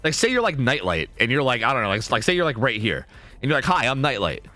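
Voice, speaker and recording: A man's voice: medium pitch, sing-song, quick pace, sharp tone, no room sound. A young man streaming, ranting casually in a rambling way, full of "like" and "dude" and some swearing.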